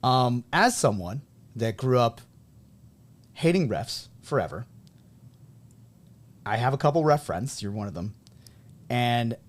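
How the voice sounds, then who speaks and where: Man, thirties, from New England, podcast host, casual chat, animated storyteller. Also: mid-range voice, slow, pauses often. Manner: animated storyteller, acts out quoted people. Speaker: podcast host and high school coach.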